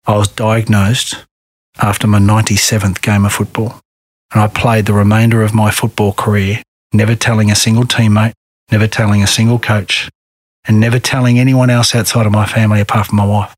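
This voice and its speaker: Earnest Australian man, low dry voice. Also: flat delivery, no room sound. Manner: earnest, measured storytelling. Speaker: guest. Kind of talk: reflective podcast interview.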